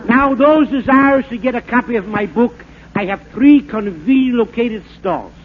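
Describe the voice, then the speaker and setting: A high-voiced huckster professor. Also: male voice, normal speed, a faint crowd. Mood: mock-lecturing. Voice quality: stammering, rambling comic patter. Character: bumbling fake French professor, fast-talking huckster man. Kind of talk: 1940s radio comedy monologue. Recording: narrow-band scratchy 1940s radio broadcast.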